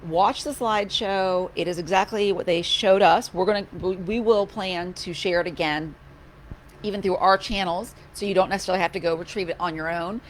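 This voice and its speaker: Speaking a little fast in a lowish voice, a woman who serves as county commissioner chats during office hours in her office. She's animated and loose, frequently starting sentences over, with a dry, somewhat sarcastic streak. A faint hum sits beneath her.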